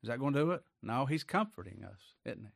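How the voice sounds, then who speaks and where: A man preaching a sermon. He reads scripture aloud, rises to emphatic peaks, then drops low for quiet asides. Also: sing-song, fast talker, gravelly, dry recording, studio quality.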